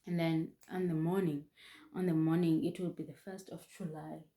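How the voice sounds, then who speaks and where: A young woman telling a painful personal story in a halting way, often restarting, her voice close to tears. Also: low voice, flat delivery, mellow. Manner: halting, restarts often, voice rising and breaking with emotion. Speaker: vlogger.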